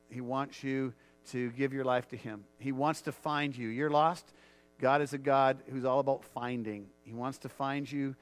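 Man, pastor, earnest sermon, repeats himself, restarts phrases, middle-pitched voice. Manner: earnest, repetitive, frequent restarts. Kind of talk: sermon and prayer.

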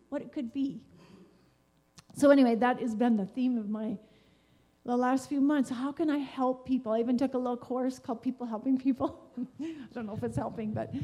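Earnest, soft-toned woman sharing testimony. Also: sits high. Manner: meandering, many fillers and restarts; earnest and heartfelt. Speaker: church speaker sharing a devotion. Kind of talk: rambling personal testimony.

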